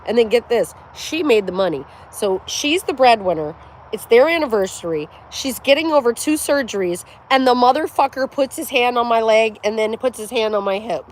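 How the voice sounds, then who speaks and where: A middle-aged woman telling a story in a loose, chatty way, laughing a lot and swearing as she goes. Her voice moves freely up and down in pitch, and faint outdoor noise hangs in the background. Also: normal speed. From United States. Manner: laughing often, profane, animated storyteller. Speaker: vlogger. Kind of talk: casual storytelling chat to camera.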